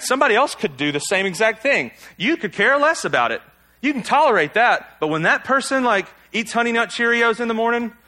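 Bright-voiced conversational preacher man. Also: sits high. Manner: conversational, self-deprecating, rhetorical questions. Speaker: pastor. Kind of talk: sermon.

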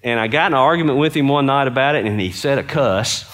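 A man's voice: medium pitch, fast, a bit bright, slight background noise. A middle-aged man preaching a conversational sermon, telling stories and putting earnest questions to his listeners. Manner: earnest, storytelling, asks the audience questions.

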